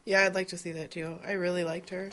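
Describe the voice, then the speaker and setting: A woman's voice: fairly low pitch, fast talker, noisy background. A woman co-hosting a podcast, chatting casually and telling stories with lots of "like". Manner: animated storyteller, heavy on "like". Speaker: podcast co-host. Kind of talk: casual chat.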